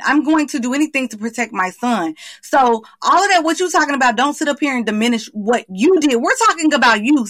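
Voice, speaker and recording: A woman's voice: high-pitched, a bit bright, dry recording. A woman co-hosting a podcast, talking emphatically in casual chat. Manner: emphatic, protective, laughing asides. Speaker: podcast co-host.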